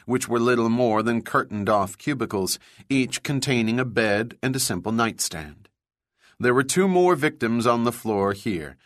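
A man reading a thriller audiobook in a steady, measured way, with a mid-range voice. The recording is close and dry, with no room sound. He keeps an even storytelling pace throughout. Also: mid-range voice, no echo. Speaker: audiobook narrator. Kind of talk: scripted narration.

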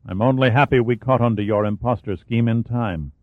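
A man's voice: medium pitch, a little fast, dry recording, close to an everyday voice. A man reading an audiobook, voicing an indignant, angry male prime minister. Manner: angry, hissing. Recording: dry, phone-like narrow sound.

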